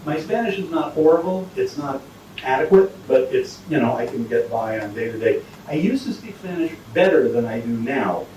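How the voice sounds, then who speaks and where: A man's voice: mid-range voice, lively intonation, moderate pace, dark tone, a little hiss or hum. A man doing a stand-up comedy set, rambling and interrupting himself as he tells jokes. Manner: rambling, self-interrupting storyteller. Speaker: stand-up comic. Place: comedy night venue, indoors. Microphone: iPhone recording from too far away. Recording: distant, echoey phone recording.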